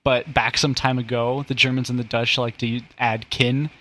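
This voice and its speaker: A man's voice: mid-range voice, little pitch movement, normal speed, pushed and bright. A man hosting a casual comedy podcast, rambling and joking as he explains word origins. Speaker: podcast host.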